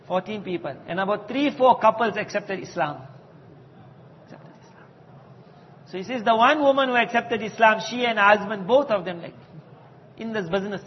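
A man telling a story in a sermon, animatedly acting out the quoted dialogue of the people in it. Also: high voice. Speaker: preacher. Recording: dull audio with long hall reverb.

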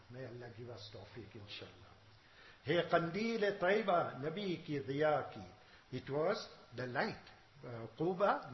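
A male Islamic teacher giving a sermon to students, mixing Arabic terms into his English and reciting verses quickly. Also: on the high side. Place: madrasa. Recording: dull lo-fi recording with faint hiss.

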